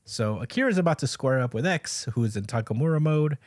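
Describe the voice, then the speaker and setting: A man's voice: mid-range voice, expressive, fairly quick, no room sound. Guy on a podcast walking through a manga chapter, chatty, lots of ums, dry close mic. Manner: conversational, many fillers, reads out character lines. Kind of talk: casual podcast recap.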